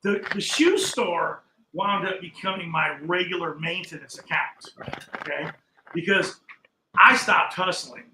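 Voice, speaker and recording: A man's voice: high voice, unhurried, pushed and bright, echoey room, a little hiss or hum, low-quality recording. An older man casually telling a long story as a podcast guest, acting out the people he quotes.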